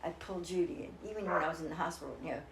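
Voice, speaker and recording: A woman's voice: lowish voice, very fast, a little hiss or hum. An older woman speaking as an interview guest, telling a personal story in an earnest, rambling way with many restarts. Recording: roomy echo.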